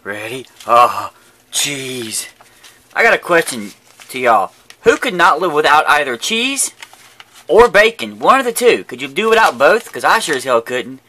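A man's voice: a little high, big pitch swings, a little slow, sharp tone. A man chatting casually while cooking outdoors at a grill, crude and joking, stumbling over his words. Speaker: cooking vlogger. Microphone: camera mic.

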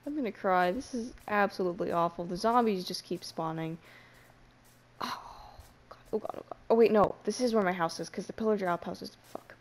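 A woman's voice: medium pitch, fairly quick. A young woman giving casual gameplay commentary in a panicky, self-mocking way, swearing freely. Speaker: Minecraft let's player.

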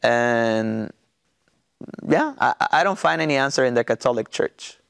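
A pastor from Mexico with a Mexican Spanish accent tells his testimony in an interview, in halting non-native English full of restarts and fillers. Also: mid-range voice, lively intonation, creaky, a bit bright, smooth, no room sound, clean studio sound.

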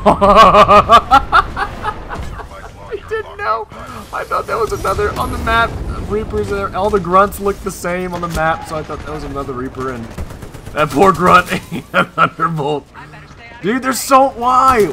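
A man's voice: high voice, bright, forceful tone, slight background noise. A young man giving live gameplay commentary to his channel, talking casually with exasperated outbursts and frequent laughter. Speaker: gaming video creator.

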